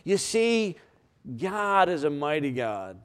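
Preaching man with a smooth voice. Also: on the high side, big pitch swings, a bit bright. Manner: preaching with dramatic pauses and repetition. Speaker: pastor. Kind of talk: sermon.

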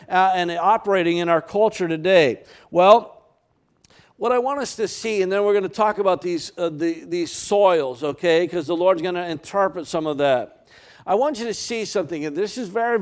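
Guy preaching to his church, kinda high voice, lots of uhs, speeds up and slows down. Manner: earnest preaching with many fillers, speeding up and slowing down. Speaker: pastor. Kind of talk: sermon.

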